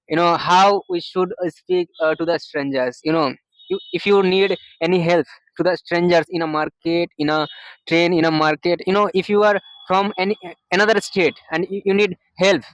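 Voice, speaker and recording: A man vlogging outdoors on a street, explaining English phrases in a halting way, full of "you know" and "uh". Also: fairly high pitch, fairly even intonation, fairly bright tone, clean tone, no echo, rough recording. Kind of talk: casual street vlog teaching English. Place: outdoors on a street near a market.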